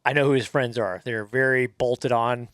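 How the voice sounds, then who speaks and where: A man's voice: medium pitch, steady tone, moderate pace, fairly bright tone, no echo. A man co-hosting a podcast, telling a story in a loose, rambling way with many fillers and restarts. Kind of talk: casual podcast chat.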